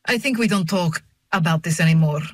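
A woman's voice: on the low side, brisk, no echo, natural voice. A woman reading an audiobook, voicing a guarded, terse, thin man who speaks in blunt, formal, sing-song English.

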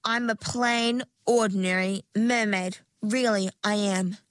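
A woman voicing a hopeful young mermaid girl in a storybook, eager and lifting high on her questions. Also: fairly even intonation, takes it slowly, no echo, natural voice. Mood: earnest. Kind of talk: storybook character voice.

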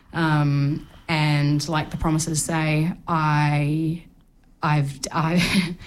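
A woman in her twenties telling her recovery story on a community radio show, candid and halting, with frequent pauses. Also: deep voice. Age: 20s. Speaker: guest sharing recovery story. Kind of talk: personal testimony on community radio.

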